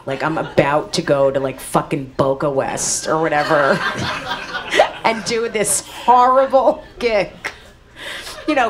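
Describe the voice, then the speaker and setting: Woman stand-up as an interview guest, animated storyteller, cursing and laughing, with a faint hiss behind her. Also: fairly low pitch. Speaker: comedian guest. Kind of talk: casual storytelling.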